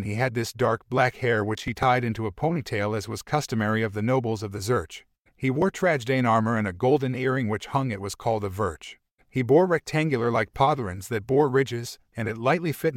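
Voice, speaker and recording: A man narrating an amateur fantasy story, reading in a halting, stumbling way. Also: medium pitch, no echo, studio quality.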